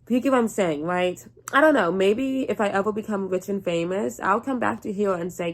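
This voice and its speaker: A woman's voice: mid-range voice, brisk, hardly any pauses. A young woman vlogging casually, rambling and sleepy, swearing freely and breaking into laughs. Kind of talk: casual rant to camera.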